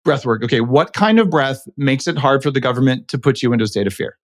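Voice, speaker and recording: Male podcast host, opinionated, animated, dry close sound, middle pitch. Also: no echo. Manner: animated, opinionated, quick asides. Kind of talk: casual interview chat.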